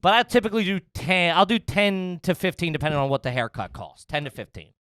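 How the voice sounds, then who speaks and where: A man's voice: high-pitched, lively intonation, fast, a bit bright, clear, resonant tone, no room sound, studio quality. A man hosting a casual comedy chat, telling a story, acting out other people's lines and swearing freely. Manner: swearing, acts out quotes of others. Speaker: podcast host.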